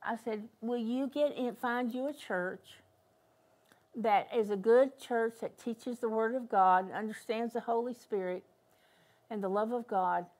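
In a mid-range, darkish voice, an older woman serving as guest minister tells a story from the pulpit during a church sermon. She's emphatic and keeps repeating key phrases.

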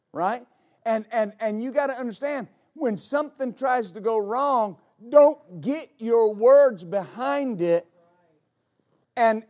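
In a sermon, a middle-aged pastor recounts a story in a very high voice. His delivery stumbles through many restarts before rising into forceful declarations.

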